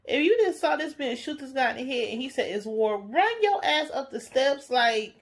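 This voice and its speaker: A woman giving a blunt, profane, animated recap of a TV episode in casual commentary. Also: high voice, normal speed. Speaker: TV reaction reviewer.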